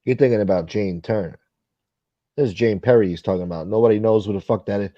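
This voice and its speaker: A man's voice: fairly low pitch, fast talker, no room sound. Blunt rambling New man, dull mic. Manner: blunt, rambling, swears freely, mimics others. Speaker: livestream host. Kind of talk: casual livestream chat reading comments.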